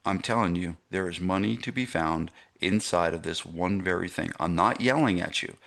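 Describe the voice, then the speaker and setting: A middle-aged man with a fairly low voice leads a live online masterclass for gym owners. He talks emphatically, repeats his key points and keeps checking that listeners follow. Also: moderate pace, creaky, a bit bright. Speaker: gym business coach.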